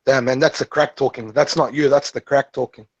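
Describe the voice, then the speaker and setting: Husky taunting man. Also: medium pitch, fairly even intonation, fairly quick. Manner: taunting, needling, repeating jibes. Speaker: voice chat room participant. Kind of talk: mocking online voice chat banter.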